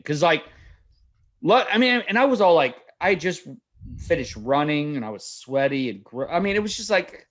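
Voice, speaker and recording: A man's voice: fairly high pitch, expressive, normal speed. A middle-aged man hosting a podcast, telling a family story in casual chat and acting out the dialogue. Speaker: podcast host.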